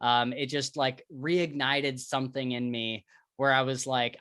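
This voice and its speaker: Man, podcast co-host, eager casual chatter, mid-pitched, dry close sound. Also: steady tone, a little slow, a bit bright, clear, resonant tone, no echo. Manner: chatty, enthusiastic, many fillers. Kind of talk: casual book chat.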